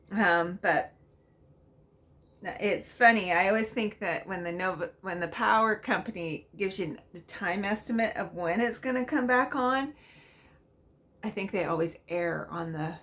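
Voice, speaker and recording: A woman's voice: medium pitch, fairly bright tone. A middle-aged woman chatting casually at home as a cross-stitch vlogger, rambling with frequent ums and small laughs. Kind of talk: casual chatty show-and-tell.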